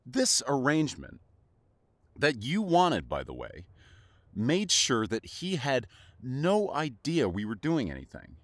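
A man's voice: medium pitch, huge pitch swings, slow, no room sound, full character voice. A man playing a jealous young secret lover in an audio role-play, swearing and stumbling over repeated words. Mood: angry. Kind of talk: audio role-play addressed to a silent listener.

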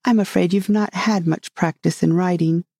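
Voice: mid-range voice, fairly even intonation, normal speed, creaky, warm tone, no room sound, studio quality, pitched above the performer's own voice. A storybook reader voicing a polite, curious young girl who asks earnest questions in a raised voice.

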